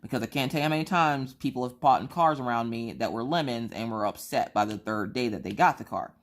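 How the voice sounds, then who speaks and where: A woman vlogger telling a story in a chatty, slangy way, acting out the voices she quotes. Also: quick pace. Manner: animated, acts out quoted voices with big pitch jumps; casual slangy talk, addresses viewers as y'all.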